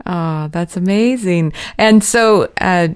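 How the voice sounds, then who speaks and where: A woman's voice: on the low side, takes it slowly, clear, resonant tone. A woman hosting an interview, asking questions and responding in an encouraging, engaged way. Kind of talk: conversational interview.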